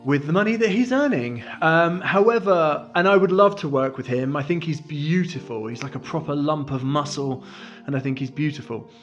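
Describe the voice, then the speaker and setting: A chatty, self-deprecating middle-aged man from the UK answers viewer questions to camera with a slightly high voice. The recording sounds muffled and lo-fi, with faint music behind him. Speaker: vlogger. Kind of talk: casual chat to camera.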